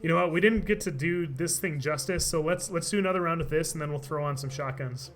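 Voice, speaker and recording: A man's voice: on the high side, fast. A man streaming a game live, chatting casually and laughing often, his voice tired from talking all day. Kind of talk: live gameplay commentary.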